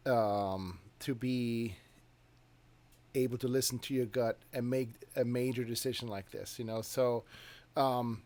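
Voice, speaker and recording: A man hosting a casual interview, speaking at a mid pitch. He encourages his guest warmly, pausing often to find his words. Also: fairly even intonation. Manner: encouraging, hesitant with fillers. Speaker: interview host.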